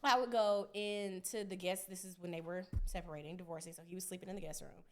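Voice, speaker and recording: A young woman hosting a podcast, telling a story in a casual, animated, profane way, often laughing. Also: fairly low pitch, quick pace, a little hiss or hum. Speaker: podcast host.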